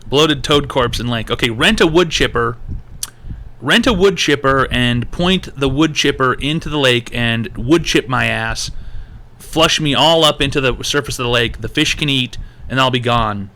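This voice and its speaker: Guy streamer ranting and swearing nonstop, sharp bright voice. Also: medium pitch, normal speed. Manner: profane, animated ranting. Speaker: streamer hosting an advice show. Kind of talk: live-stream call-in talk.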